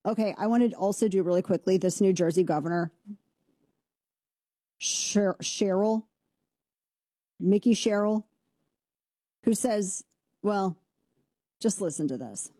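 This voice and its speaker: A woman hosts a talk show in a brash, sarcastic rant. Her tone is mellow and the recording is dry and close. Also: mid-range voice, measured pace, pauses often, no room sound. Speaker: radio talk show host. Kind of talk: opinionated talk radio monologue.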